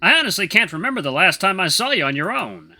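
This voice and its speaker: A man's voice: high voice, big pitch swings, fast talker, sharp tone, no echo, faint music behind, voice pushed up, exaggerated voice. A man voicing a smug male wolf who talks in a teasing, sarcastic way.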